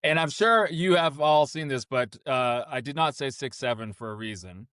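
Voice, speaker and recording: Male podcast co-host, earnest and upbeat, mid-pitched, smooth tone. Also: expressive, moderate pace, fairly bright tone, no room sound, studio quality. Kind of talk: casual podcast chat.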